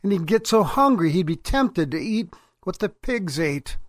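High-voiced man giving a devotional. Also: big pitch swings, moderate pace, no echo, clean studio sound. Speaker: pastor. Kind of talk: devotional sermon talk.

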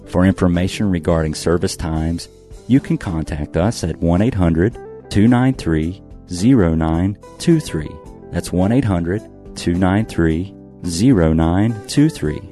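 A male announcer reading a calm, scripted radio ministry outro. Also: low voice, measured pace. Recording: faint guitar music underneath. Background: soft guitar music.

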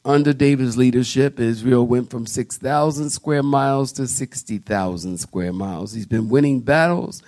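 A male pastor preaching a sermon in a church, acting out little quotes as he tells stories. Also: mid-range voice. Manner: animated storytelling preacher, acts out quotes. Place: church sanctuary.

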